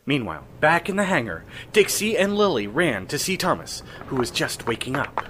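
A man's voice: a little high, big pitch swings, moderate pace, fairly bright tone, soft background music. A man narrating an audio drama and reading the cast credits. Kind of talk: scripted narration.

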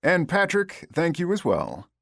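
A man's voice: high-pitched, measured pace, vocal fry, dry recording, studio quality. A man hosting a podcast in casual chat, laughing often and filling with ums and likes. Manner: lively, laughs often, many fillers. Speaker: podcast host.

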